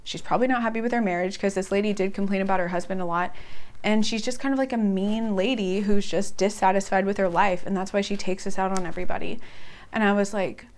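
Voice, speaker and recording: A chatty young woman in her twenties talks straight to camera in a loose, storytelling way. Her voice sits at a middle pitch for a woman and leaps up when she acts out her own past reactions, and "like" runs all through her talk. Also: fast. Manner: animated, jumps up in pitch when quoting herself. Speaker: vlogger.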